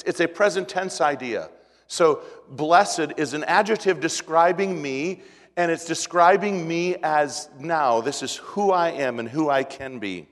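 A middle-aged pastor preaching a sermon in a folksy, conversational way, with restarts and rising emphasis. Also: male voice, medium pitch, big-room sound.

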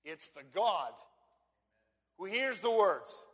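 A man preaching an expository sermon, emphatic, repeating words and slowing down to stress key phrases. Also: sits high, sing-song, fairly bright tone, big-room sound. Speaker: pastor.

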